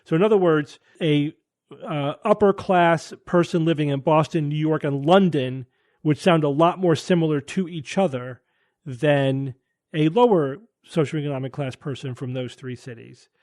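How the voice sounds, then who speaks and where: A man's voice: on the high side, normal speed, darkish tone. A man hosting a podcast panel, thinking aloud with hedges and frequent restarts. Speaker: podcast host. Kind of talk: casual panel discussion.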